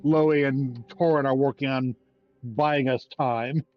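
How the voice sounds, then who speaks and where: A man's voice: medium pitch, steady tone, takes it slowly, no echo, soft background music. Curious man player, dull lo-fi sound. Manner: inquisitive, asks rules questions. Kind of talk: casual tabletop play.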